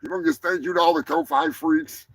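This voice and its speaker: A man hosting a live stream, signing off with rowdy, profane shout-outs to his viewers. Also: sing-song, fairly quick, vocal fry. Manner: drops to low mutters between sign-offs. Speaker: livestream show host. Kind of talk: casual live-stream sign-off chat. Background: music playing.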